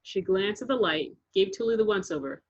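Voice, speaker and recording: A woman narrating a children's chapter book aloud in a lively, rhythmic reading. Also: mid-range voice, a little fast. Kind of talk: storybook read-aloud. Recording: dull lo-fi recording.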